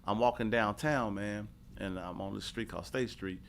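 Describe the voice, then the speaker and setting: A man's voice: lowish voice, moderate pace, creaky, a bit bright, slight background noise. A middle-aged man, a former pro basketball player turned coach, telling stories from his life in a laid-back, conversational interview, peppering his talk with "man" and "you know what I mean.". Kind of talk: casual storytelling interview.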